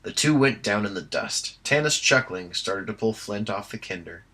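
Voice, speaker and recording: Bright, husky-voiced male reader. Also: fairly low pitch, lively intonation, moderate pace, rough recording. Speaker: audiobook reader. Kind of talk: amateur audiobook narration.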